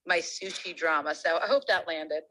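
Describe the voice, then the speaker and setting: Woman chatting on a call, bright voice, animated storyteller, laughs easily. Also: low-pitched, normal speed, low-quality recording. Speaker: guest sharing a story. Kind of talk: casual storytelling.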